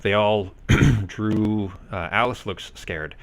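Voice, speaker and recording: A man's voice: on the low side, takes it slowly. A man narrating as game master in a loose, hesitant way with many fillers.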